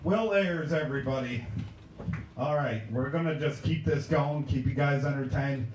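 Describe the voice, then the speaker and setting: A man hosting a comedy show, introducing the next comic with brisk, hyping patter. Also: mid-range voice, echoey room, heavy background noise. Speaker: show host. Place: comedy club stage.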